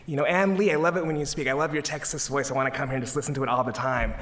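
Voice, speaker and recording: Standing at a lecture hall podium, a young man gives an energetic, humorous panel speech for an advocacy group, rallying the crowd. His mid-range voice is fairly bright and very fast, with fairly even intonation.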